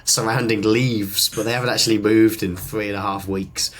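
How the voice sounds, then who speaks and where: A man's voice: on the low side, fairly even intonation, moderate pace. A man from the UK co-hosting a podcast, chatting in a rambling, jokey way about his work and travels. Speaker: podcast co-host, musician and videographer. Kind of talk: casual podcast chat.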